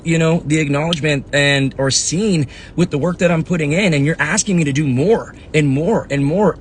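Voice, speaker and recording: A man's voice: medium pitch, a bit bright, slight background noise. A man in his thirties, a fitness coach, giving a casual live talk on handling anger, earnest and conversational, always checking in with "right?" and "you know what I mean". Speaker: fitness coach and motivational talker. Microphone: phone or webcam.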